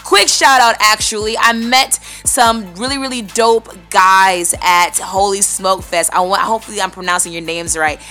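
Bright-voiced energetic woman radio host. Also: mid-range voice, normal speed, few pauses, soft background music. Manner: energetic, says "listen" often, gives shout-outs. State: voice still recovering. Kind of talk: casual radio chat.

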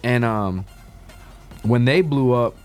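A young man, a guest DJ and talent scout, chats loosely in an interview, rambling and leaning heavily on "like" and "man." His voice is mid-range and darkish, his pace slow, and faint music plays behind him.

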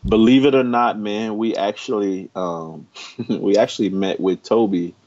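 This is a man with a very low voice, talking casually as an interview guest and leaning hard into his storytelling. He sounds like he is in his forties. The recording is dull and a bit lo-fi. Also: unhurried. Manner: emphatic, animated storyteller.

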